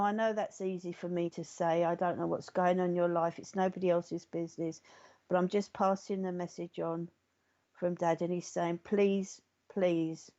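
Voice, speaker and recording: A woman's voice: mid-range voice, warm tone, dull audio. A woman psychic medium giving a live reading in a reassuring way, often checking in with the listener. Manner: reassuring, often checks in with "okay?" and "all right?".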